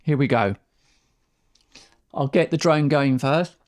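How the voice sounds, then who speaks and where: A man's voice: mid-range voice, slow pace, heavy background noise. A man teaching didgeridoo rhythms in a casual, rambling way, sounding out syllables as he explains.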